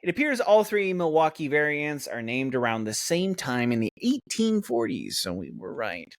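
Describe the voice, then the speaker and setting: A young man riffs through a comedy podcast with a slightly high voice that swoops wildly up and down. He swears freely and reads out facts between jokes. The sound is close and dry. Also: sing-song, moderate pace, dry recording. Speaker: podcast co-host. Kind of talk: casual comedic banter.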